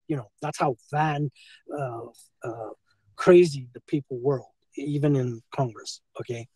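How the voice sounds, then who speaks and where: Older American man, husky voice, rambling, filler-heavy; dry handheld-phone sound. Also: medium pitch, unhurried, a little mellow, dry recording, rough recording. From United States. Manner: rambling, keeps saying "okay" and "and so forth". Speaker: former school teacher being confronted. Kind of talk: rambling confrontation talk. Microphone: filmed on a handheld phone.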